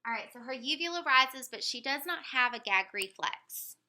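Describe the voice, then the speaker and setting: Bright-voiced woman giving clinical instructions. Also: high-pitched, normal speed. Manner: calm, step-by-step instructions. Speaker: speech examiner. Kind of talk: clinical motor speech exam.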